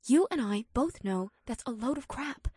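A man putting on a high, pushy young woman's voice for an audiobook, demanding and sharp. His voice lifts well above his own into a thin, insistent register. The sound is close and dry. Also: expressive, slightly rough, no room sound, full character voice. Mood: impatient. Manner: pushy, hissing, fast. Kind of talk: audiobook character voice.

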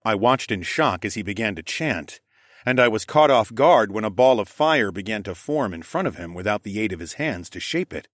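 A man narrating a fantasy story in the first person with dramatic, expressive reading. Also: fairly low pitch, moderate pace, no room sound, studio quality.

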